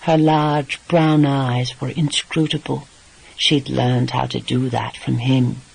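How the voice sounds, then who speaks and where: Husky male audiobook narrator. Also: mid-range voice, flat delivery, takes it slowly, rough recording. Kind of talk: scripted romance narration.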